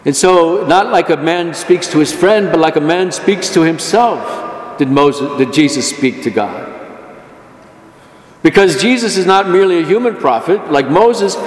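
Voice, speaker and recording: A man's voice: on the high side, expressive, unhurried. A man preaching a homily at Mass, earnest and emphatic, lifting his voice when he gives the words of God. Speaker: priest. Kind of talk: sermon. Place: church. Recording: echoey church hall.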